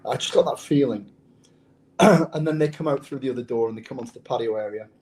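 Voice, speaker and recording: A man's voice: medium pitch, quick pace, a little mellow, poor audio. An English man who is a former undercover police officer, telling a story in an interview in a blunt, profane way. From England.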